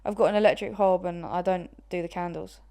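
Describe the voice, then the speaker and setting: A woman's voice: fairly low pitch, steady tone, a little fast, a little mellow. A young woman in her twenties co-hosting a podcast, chatting casually and laughing often, with plenty of swearing. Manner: laughs a lot, swears freely. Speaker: podcast co-host. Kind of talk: casual chat.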